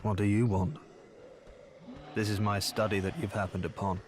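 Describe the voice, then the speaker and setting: An actor playing an aloof, scholarly male sorcerer in a video game, speaking in a measured, formal way. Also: lowish voice, level tone, a little mellow, natural voice. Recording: game audio with clear background noise.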